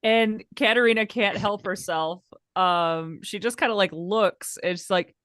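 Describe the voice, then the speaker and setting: A woman's voice: mid-range voice, measured pace, hardly any pauses, fairly bright tone, dry recording. Lady player in a tabletop game, giggly and chatty, dry close sound. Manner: chatty, giggly, lots of "like" and "kinda". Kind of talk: casual tabletop role-play.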